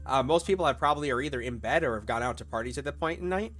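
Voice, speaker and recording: A man running a tabletop horror game as game master, narrating scenes in a slow, measured way. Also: medium pitch, a bit bright.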